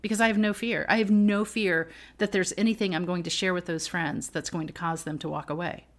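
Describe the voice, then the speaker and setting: A woman's voice: lowish voice, fairly even intonation, brisk. A middle-aged woman co-hosting a casual faith podcast, telling personal stories earnestly and laughing often. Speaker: podcast co-host.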